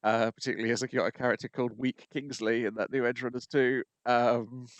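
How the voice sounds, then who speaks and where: A man's voice: mid-range voice, flat delivery, fairly quick, dry recording. A man hosting a podcast, talking casually and hesitantly with many ums. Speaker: podcast host. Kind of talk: casual chat.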